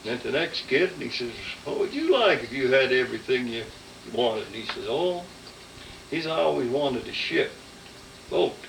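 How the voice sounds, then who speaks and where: A folksy father spins a rambling joke at home, losing names as he goes. His voice is bright and gravelly and swoops up and down. He sounds far from the camcorder mic, in an echoey room with faint hiss, as on a 1980s home video. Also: mid-range voice, big pitch swings, normal speed. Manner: folksy, rambling storyteller who loses names mid-sentence. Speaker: family father. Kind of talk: casual joke-telling at home. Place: family home, indoors. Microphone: camcorder mic across the room.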